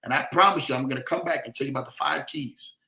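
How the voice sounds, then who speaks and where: Young male livestream host, fervent motivational delivery, bright forceful tone, echoey room. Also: medium pitch, fast, creaky. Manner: preachy, repeats "man" and "y'all", reads out chat shout-outs. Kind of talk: emotional motivational livestream talk.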